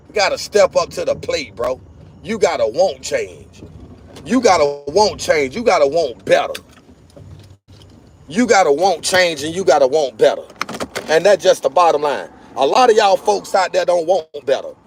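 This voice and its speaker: A high-pitched man rants at his viewers in a repetitive, emphatic, preaching cadence. He talks into a phone camera while sitting in and stepping out of his car. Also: slight background noise. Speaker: political vlogger. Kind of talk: preachy political rant to viewers. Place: in a car, then stepping outside.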